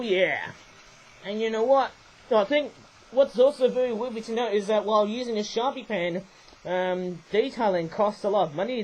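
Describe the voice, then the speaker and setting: A man's voice: high voice, darkish tone, low-quality recording. A man rambling through a casual toy review at home, often tagging lines with "eh" and correcting himself. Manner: rambling, tag questions with "eh", frequent self-corrections. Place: home room with a toy train layout.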